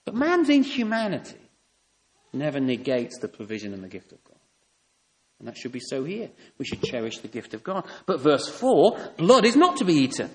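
Man, preacher, sermon, lively up-and-down voice, long hall reverb. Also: mid-range voice, fairly quick. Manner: emphatic, with rhetorical tag questions.

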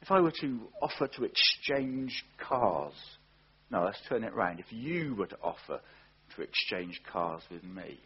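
Slow, husky male preacher. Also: on the low side, big pitch swings, muffled recording. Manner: earnest, emphatic, with rhetorical questions. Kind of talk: sermon.

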